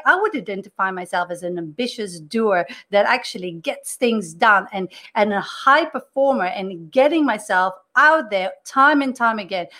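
In this podcast monologue, a career coach tells a personal story with earnest intent and keeps starting over. She is middle-aged, English isn't her first language, and her voice sits on the high side with a little brightness.

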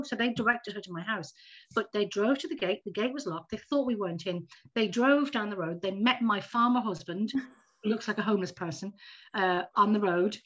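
Woman, 50s, quick animated storyteller, dull lo-fi recording. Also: mid-range voice. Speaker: podcast guest. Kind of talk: casual storytelling chat. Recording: dull lo-fi audio.

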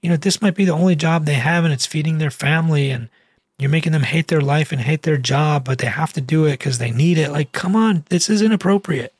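Male doctor, casual vlog, husky and pitched a bit high, keeps it slangy and emphatic. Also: brisk, no room sound, studio quality. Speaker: physician.

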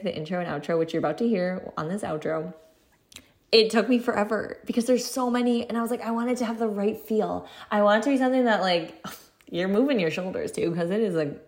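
A young woman hosting her own solo podcast, chatting earnestly and encouragingly with lots of casual fillers. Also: mid-range voice. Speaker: podcast host.

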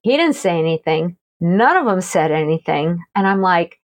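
A middle-aged woman, a guest author and energy healer, telling stories in a casual, animated conversation with frequent laughter. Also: lowish voice, moderate pace, hardly any pauses. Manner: animated, laughing, acts out quoted voices.

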